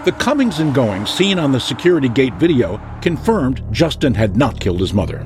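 A man narrating a true-crime news story with a dramatic, measured delivery. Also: mid-range voice, big pitch swings, over music.

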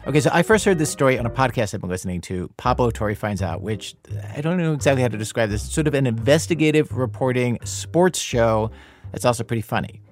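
A man hosts a public radio documentary program in scripted narration. His delivery is conversational and dry, at a middle pitch, with faint guitar music playing under him. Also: expressive, quick pace. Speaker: radio show host.

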